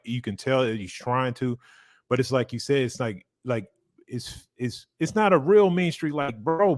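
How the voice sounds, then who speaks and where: A man's voice: mid-range voice, no room sound. Casting: man, casual boxing talk, rambling and profane, dry close mic. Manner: animated, profane, rambling with many fillers. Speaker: boxing co-host. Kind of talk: casual live watch-along chat.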